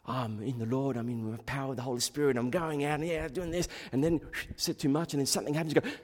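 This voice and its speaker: A man preaching an expository sermon, moving from quiet, musing asides to loud, fervent exhortation. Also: medium pitch, fairly even intonation, quick pace, in a large hall.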